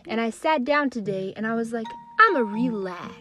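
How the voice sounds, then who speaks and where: A young adult woman hosting a podcast, telling customer stories in a profane, exasperated, animated rant. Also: fairly high pitch, brisk, faint music behind. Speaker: podcast host. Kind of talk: casual comedic rant.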